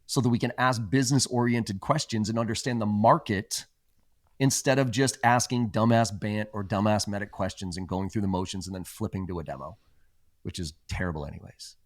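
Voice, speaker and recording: A man's voice: lowish voice, steady tone, fairly quick, dry recording, clean studio sound. A man who is a guest on a podcast about sales, telling stories in a blunt, emphatic and often profane way. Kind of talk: casual interview chat.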